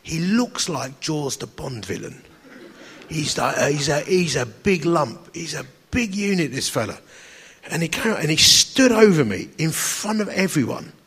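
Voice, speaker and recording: A man, an evangelist telling a funny story to an audience in a lively, self-mocking way and acting out the dialogue. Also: on the high side, normal speed, husky, long reverb tail.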